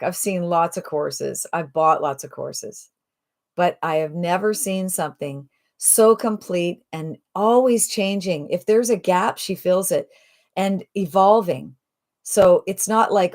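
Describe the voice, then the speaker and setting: Upbeat woman giving a sales pitch. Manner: upbeat, persuasive, full of rhetorical questions. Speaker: online marketing presenter. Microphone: phone livestream.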